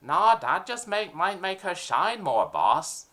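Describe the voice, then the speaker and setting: A man's voice: high-pitched, big pitch swings, slow, pushed and bright, pitched above the performer's own voice, full character voice. Man doing a nervous, dim mafia henchman. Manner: hesitant, apologetic, eager.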